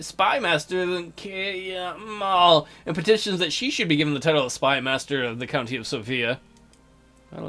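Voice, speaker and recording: A man's voice: fairly high pitch, sharp tone. A man hosting a strategy game let's play with casual, crude, joking commentary.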